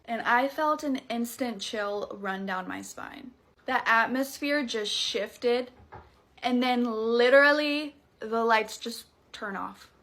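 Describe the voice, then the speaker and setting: Bright, animated woman telling a scary story. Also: a little high, takes it slowly. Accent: Southern US. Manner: animated, profane, dramatic asides. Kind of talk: casual storytime.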